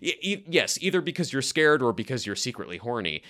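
Lively, bright-voiced man chatting casually. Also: mid-range voice, brisk. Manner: rambling, self-correcting, laughs often. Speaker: podcast co-host. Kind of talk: casual chat.

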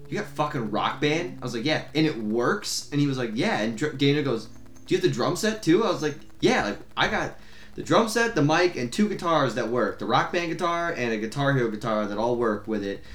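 A man's voice: medium pitch, fairly bright tone, reverberant. A young man co-hosting a podcast, telling a long story in casual chat, rambling with fillers and the odd curse. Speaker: podcast co-host.

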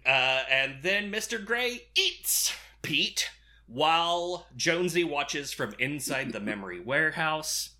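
A man's voice: on the high side, pushed and bright. A man recapping a movie plot in casual, crude, sarcastic podcast chat. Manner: sarcastic, crude, laughing often.

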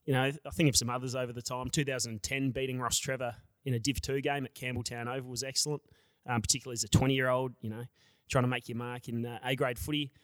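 A man's voice: medium pitch, level tone, fast, dry recording. An Australian man in his thirties, a podcast guest, recalling old matches in a reflective, rambling way. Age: 30s. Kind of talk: casual interview.

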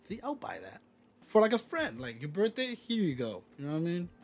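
A man's voice: a little high, huge pitch swings, fairly quick. A man chatting casually with friends, telling rambling, joking stories. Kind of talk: casual chat.

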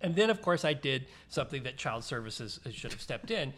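A man's voice: medium pitch, sing-song, normal speed, a bit bright. A middle-aged man on a casual podcast, telling a rambling anecdote that he keeps correcting and restarting as he goes. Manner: rambling, self-correcting storyteller. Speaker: podcast co-host and trivia player.

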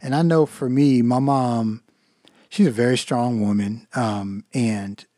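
A man in his thirties co-hosting a casual podcast, speaking in a laid-back, measured and reflective way. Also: medium pitch, steady tone, mellow, no room sound, studio quality. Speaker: podcast co-host. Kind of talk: casual chat.

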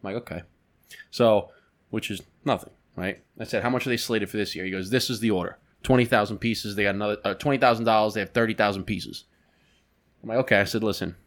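A man's voice: on the low side, a bit bright. Casual man swearing on a podcast. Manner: casual and profane, with lots of fillers. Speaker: podcast co-host. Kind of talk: casual storytelling chat.

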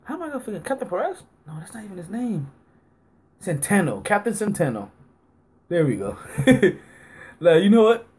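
With slight background noise, a man hosting a sports podcast tells a story casually at normal speed, with long pauses. He is animated, acts out both sides of an argument with rising pitch, laughs frequently, and uses "like" a lot.

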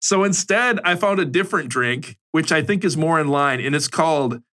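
Teasing podcast guy, high voice, bright and sharp. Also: moderate pace. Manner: playful, teasing. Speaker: podcast co-host. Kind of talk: casual podcast banter.

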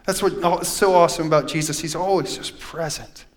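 Man, pastor, high voice, church sermon, reads scripture, loud to hushed. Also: fairly even intonation, moderate pace.

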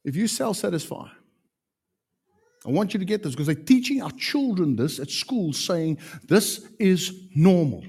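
Animated preacher man. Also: sits high, moderate pace, vocal fry, husky. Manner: animated, emphatic preaching with sudden loud peaks. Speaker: pastor. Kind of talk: sermon.

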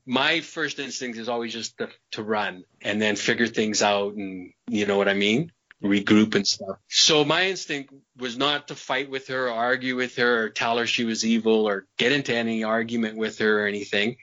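Bright-voiced man telling a rambling story. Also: on the low side, moderate pace. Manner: rambling, repeats words, laughs between sentences. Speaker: interview guest. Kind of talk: casual storytelling. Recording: slightly muffled lo-fi audio.

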